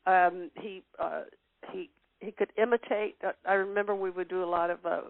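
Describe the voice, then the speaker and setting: A woman's voice: on the low side, steady tone, normal speed, vocal fry, dry recording. An older woman as an interview guest, reminiscing in casual chat with frequent fillers and laughs. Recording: tinny phone-line sound.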